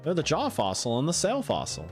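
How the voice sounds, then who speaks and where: A man's voice: fairly high pitch, huge pitch swings, brisk, faint music behind. A man voicing a cheerful, folksy fossil restorer in a video game, chatty and eager to help. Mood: friendly.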